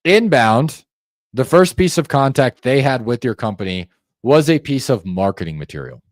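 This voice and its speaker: Animated and mid-range, the man's voice moves at a moderate pace in a studio-quality, echo-free recording. He's a sales trainer teaching call technique through an instructional screen-share walkthrough, addressing viewers directly and conversationally, coaching them on a script and acting out calls to demonstrate each line's tone.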